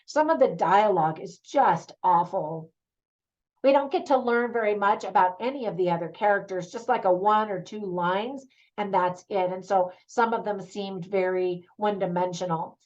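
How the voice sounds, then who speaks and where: A woman's voice: mid-range voice, darkish tone. Middle-aged lady chatting about a movie she saw, opinionated, laughs easily, kinda muffled audio. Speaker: movie reviewer. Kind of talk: casual spoken movie review.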